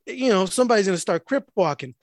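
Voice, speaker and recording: A man's voice: high-pitched, fast talker, no echo, clean studio sound. A man telling a profane story in casual chat, acting out the people he quotes. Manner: animated, acts out the people he quotes.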